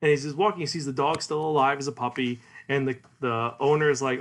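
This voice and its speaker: A man hosting a podcast, retelling a comic's plot in a casual, animated way and acting out its characters. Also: medium pitch, quick pace, hardly any pauses. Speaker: podcast host. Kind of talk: casual solo manga review.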